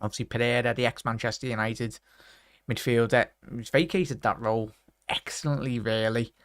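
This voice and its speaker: A man's medium-pitched, fairly bright voice stays steady at a moderate pace as he hosts a football watchalong livestream. He reads comments, chats casually, and greets viewers by name with "big up" and "mate." The sound is clean studio quality with no echo.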